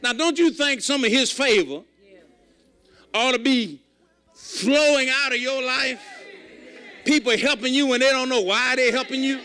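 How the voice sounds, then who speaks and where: High, bright-voiced folksy preacher man. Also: measured pace, pauses often. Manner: folksy, emphatic preaching with shouted peaks. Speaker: pastor. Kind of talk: sermon.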